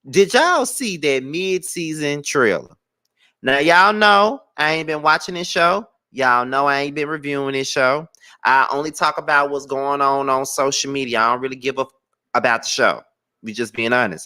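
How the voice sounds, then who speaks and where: A man hosting a casual celebrity gossip show, theatrical and dramatic. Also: fairly high pitch. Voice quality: theatrical, animated. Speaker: show host.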